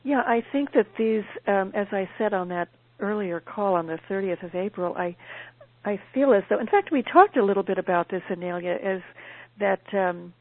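A woman hosting a spiritual call, talking gently and haltingly as she searches for words. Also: mid-range voice, no room sound. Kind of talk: casual conversation on a call. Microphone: call audio. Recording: tinny phone-line call.

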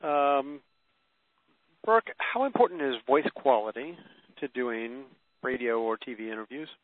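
A man's voice: medium pitch, animated, a little slow, no echo. A man moderates a call-in session, putting listeners' questions to his guest in a plain, friendly way. His voice sounds narrow and tinny, like a phone line. It is close and dry. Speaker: host.

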